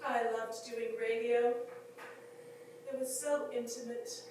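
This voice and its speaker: An actress playing an aging, imperious film star who drifts between wistful musing and frantic shouting on a stage. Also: female voice, on the high side, level tone, slow pace, noisy background. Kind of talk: stage play performance. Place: theater stage. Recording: echoey stage from far off.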